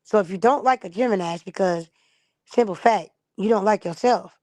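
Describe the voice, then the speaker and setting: A woman's voice: medium pitch, a little fast, darkish tone, no echo. A woman streamer in a casual live-stream monologue, blunt and profane, acting out the people she quotes.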